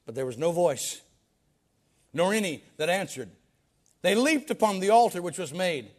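A pastor preaching a sermon, reading Bible verses dramatically with folksy asides in between. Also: male voice, animated, normal speed. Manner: dramatic Bible reading with wide swings in loudness and pitch.

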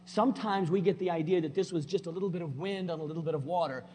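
A man with a fairly high voice preaches a sermon in a church. He is folksy and plainspoken, rising to loud emphatic declarations and dropping to quiet asides. His voice rings in the long reverb of the hall over a faint hum. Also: fast talker. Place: church sanctuary.

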